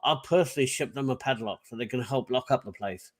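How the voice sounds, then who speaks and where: A man's voice: mid-range voice, fast. Emphatic man ranting as a fan. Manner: emphatic, repeats points for effect. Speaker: podcast co-host and football fan. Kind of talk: passionate fan debate.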